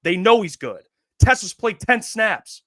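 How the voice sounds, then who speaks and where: Male sports show co-host with a higher, bright, forceful voice; emphatic and insistent in a heated debate. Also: sing-song, unhurried, dry recording, clean studio sound. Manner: emphatic, insistent, talks over his co-host.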